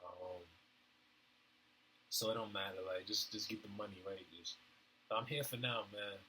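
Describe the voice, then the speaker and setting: A man rambling through a casual stream-of-consciousness monologue, halting often with fillers and restarts in slangy everyday talk. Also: lowish voice, fairly even intonation, bright, forceful tone, a little hiss or hum, low-quality recording. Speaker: vlogger.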